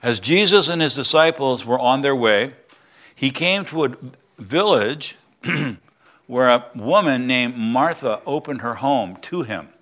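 An older pastor preaches in a relaxed, conversational way, often turning to the listeners with questions. His voice sits at an ordinary middle pitch for a man. He is an American man teaching a Bible lesson to his congregation. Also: slow. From United States. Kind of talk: sermon.

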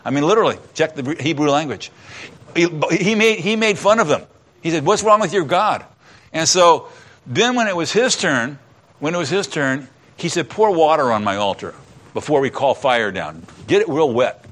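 A man's voice: a little high, animated, moderate pace, a bit bright. A man preaching a sermon, dramatically retelling a Bible story and acting out the voices, with folksy asides. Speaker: pastor.

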